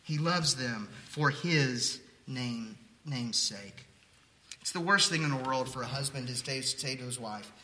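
A man preaching a sermon as pastor, animated, with joking asides and playful mock voices. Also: mid-range voice, a little slow, a little hiss or hum. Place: church sanctuary. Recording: echoey hall.

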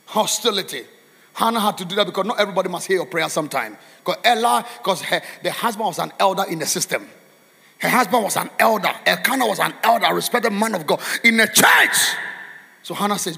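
A man preaching a fiery sermon in a church, shouting and chanting in a sing-song cadence. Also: high voice, animated, fairly quick, vocal fry, breathy edge. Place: church hall. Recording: echoey church hall.

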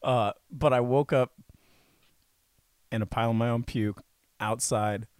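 A young man in his twenties, a podcast co-host, telling animated, rambling stories in casual chat. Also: medium pitch, unhurried, no echo, clean studio sound. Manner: rambling, animated anecdotes with put-on quotes.

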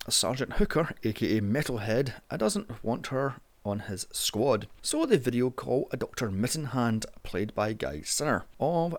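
A man's voice: mid-range voice, creaky. A man narrating a casual movie review in a sarcastic, sweary way.

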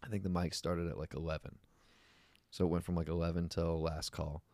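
A man's voice: low-pitched, flat delivery, fairly quick, mellow, dry recording, clean studio sound. A man, a comedian co-hosting a casual chat, who tells stories and acts out heckles in a raised voice. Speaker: comedian podcast co-host.

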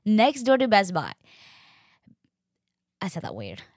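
A young woman telling a personal story in a chatty, animated way, full of "like" and acted-out quotes. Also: medium pitch, takes it slowly, no echo, studio quality. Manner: animated, chatty, fills speech with "like", acts out quotes. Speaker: podcast host. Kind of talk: casual storytelling.

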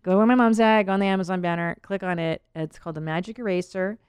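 A woman's voice: medium pitch, fast talker, darkish tone, smooth, dry recording. A woman in her thirties hosting a podcast, chatting casually and rambling, laughing often. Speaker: podcast host. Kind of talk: casual chat.

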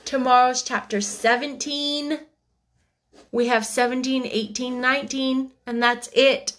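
A woman reading a children's book aloud chapter by chapter, soft and gentle, dropping to a whisper at tense moments. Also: sits high, little pitch movement, measured pace. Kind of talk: chapter-by-chapter read-aloud storytelling.

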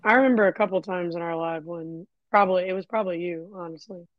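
A woman's voice: on the low side, fast talker, dry recording, muffled recording. Frank, profane young woman storyteller. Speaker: podcast co-host. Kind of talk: casual chat.

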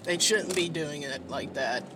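A man's voice: fairly high pitch, measured pace. A tired, sleepy man rambling in a casual monologue, swearing often and full of fillers while he drives. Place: inside a car while driving. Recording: road and engine noise in a car. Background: vehicle noise.

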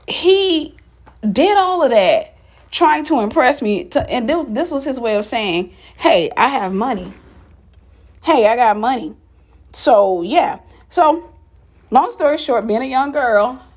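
A woman from tells a personal story in a frank vlog. Her voice sits a little high and has a husky, breathy grain. She speaks candidly and addresses her listeners directly. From Mississippi. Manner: walking up stairs while talking.

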